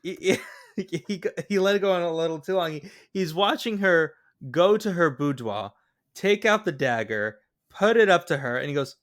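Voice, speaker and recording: A man co-hosting a podcast, excitedly talking through movie scenes, often tripping over and repeating his words. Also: a little high, normal speed. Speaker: podcast co-host. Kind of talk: casual movie recap chat.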